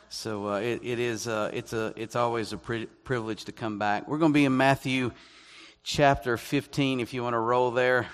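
A man preaching as a guest speaker, conversational and self-deprecating, reading scripture slowly and deliberately. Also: medium pitch. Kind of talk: sermon. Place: church sanctuary. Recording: long echo of a church hall.

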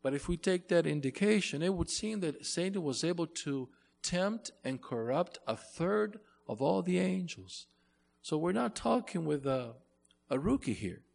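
A man's voice: on the high side, very animated, unhurried, gravelly, a little mellow, long reverb tail. A man preaching a sermon in an earnest way, repeating phrases and rising to emphatic bursts.

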